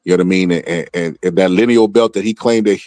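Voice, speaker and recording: A man giving casual reaction commentary on boxing, animated and full of streetwise slang, repeating his phrases as he talks. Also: low voice, fast talker, no room sound.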